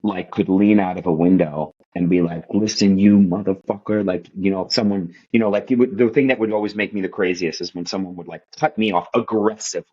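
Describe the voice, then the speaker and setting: A man from Queens, New York, telling stories as a podcast guest in animated, casual talk, swearing and acting out what people said. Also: sits low, quick pace, few pauses, breathy edge, lo-fi sound. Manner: animated, profane, acts out quoted voices. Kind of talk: casual storytelling chat.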